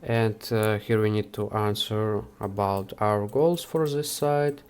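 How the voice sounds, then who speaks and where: A man hosting a software how-to, talking the viewer through each step with frequent hesitations. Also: lowish voice, fairly even intonation, smooth, faint music behind. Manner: unhurried, with frequent "uh" fillers. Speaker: software tutorial host. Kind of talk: screen-recorded how-to walkthrough.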